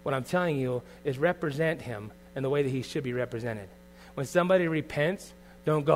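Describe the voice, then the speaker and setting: This middle-aged man preaches as a pastor in a mid-range voice, fairly quick and almost without pauses. The sermon is earnest and confessional, alternating quiet reflective moments with loud bursts.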